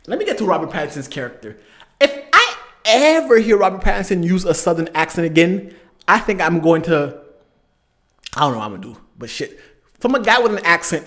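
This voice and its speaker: A man hosting a movie review channel, ranting with exasperation and sarcasm, swinging between loud outbursts and muttered asides. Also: a little high, expressive, moderate pace.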